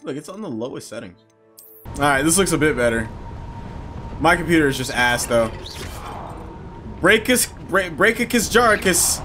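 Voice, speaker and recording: A man's voice: mid-range voice, brisk, pauses often, fairly bright tone, soft background music. A young man casually commenting on gameplay, joking and sarcastic toward the characters. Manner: jokey, sarcastic, mocks the game characters. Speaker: gaming channel host.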